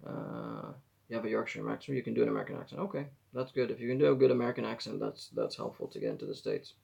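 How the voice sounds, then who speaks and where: A man, chatting on a live stream in a deeply gravelly, husky voice. He rambles and corrects himself as he hands out casual advice. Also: wildly swooping pitch, racing, mellow. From Israel. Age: 40s.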